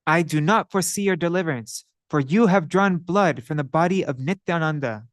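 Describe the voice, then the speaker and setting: A man voicing a stern divine lord who pronounces judgment in a firm, measured way. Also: a little high, dry recording, studio quality, natural voice.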